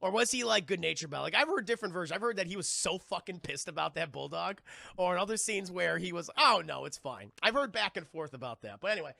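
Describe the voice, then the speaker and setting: Animated, gravelly man ranting about a film. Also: high-pitched, fast, no room sound. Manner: profane, animated, lots of restarts. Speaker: film reviewer and streamer. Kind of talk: casual live-stream spoiler review.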